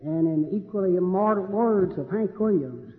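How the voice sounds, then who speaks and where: A man's voice: sits high, animated, moderate pace. A man giving a folksy, joking debate speech that circles back on itself and repeats phrases. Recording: tinny lo-fi audio in a reverberant hall.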